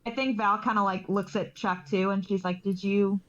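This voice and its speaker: A woman's voice: medium pitch, steady tone, brisk, a bit bright, lo-fi sound. A woman casually describing her character's actions in a tabletop game. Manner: casual, filler-heavy. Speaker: player.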